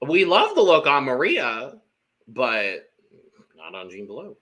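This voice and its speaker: A man's voice: mid-range voice, slow pace. A man co-hosting a podcast, recapping a reality show in casual chat and acting out the contestants' lines. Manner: animated, acts out quotes from the show. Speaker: podcast co-host.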